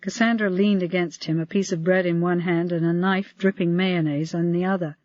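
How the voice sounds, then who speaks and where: Brief: measured crime-novel narrator, mid pitch, dry muffled recording. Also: fairly even intonation, darkish tone, dry recording. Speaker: audiobook narrator. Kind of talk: scripted narration.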